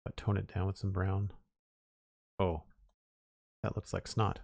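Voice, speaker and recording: A man streaming a building game, thinking aloud in relaxed casual commentary, his voice slightly hoarse. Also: lowish voice, a little slow, long pauses, no room sound.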